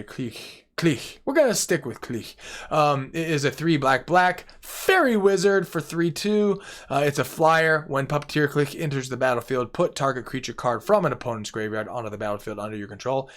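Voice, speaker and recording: A man's voice: mid-range voice, a bit bright. A man casually walking through a card game deck, playful and gleeful, often repeating words for effect.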